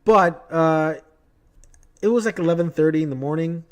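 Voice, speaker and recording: A man's voice: on the high side, moderate pace. A man vlogging casually about movie news, chatty and opinionated, telling stories from his day. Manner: chatty, opinionated, tells anecdotes.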